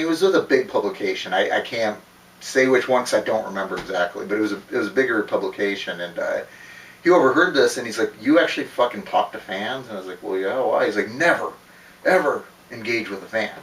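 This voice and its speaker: Man telling a story in a roomy space. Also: fairly low pitch. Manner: profane, rambling, laughs between words. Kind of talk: casual storytelling. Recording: roomy, distant from the mic.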